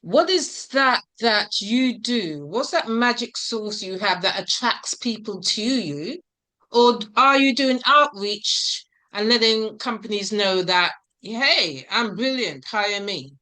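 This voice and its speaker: A woman's voice: on the high side, expressive, slow, pushed and bright. A woman interviewing a guest, asking questions in a friendly, affirming way. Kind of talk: conversational interview.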